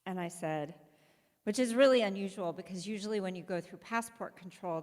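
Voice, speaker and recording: A woman's voice: mid-range voice, fairly quick, darkish tone. A woman rabbi giving a sermon as personal storytelling, conversational, acting out the voices of people she quotes. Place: synagogue sanctuary. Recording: long reverb of a large hall.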